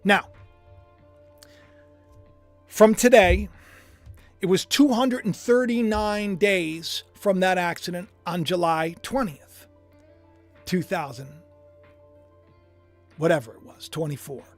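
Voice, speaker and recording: A man preaching on a livestream in an animated, emphatic way, swinging from hushed lows to near shouts. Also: slow pace, pauses often, soft background music. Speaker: preacher streaming live.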